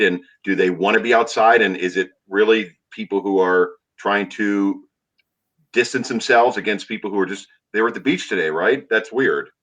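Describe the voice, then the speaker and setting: A man hosting a podcast interview, telling a story with lively quoting and bursts of excitement. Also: low-quality recording. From Pittsburgh area. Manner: animated storyteller, jumps high when quoting his mom. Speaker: podcast host. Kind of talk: casual interview chat.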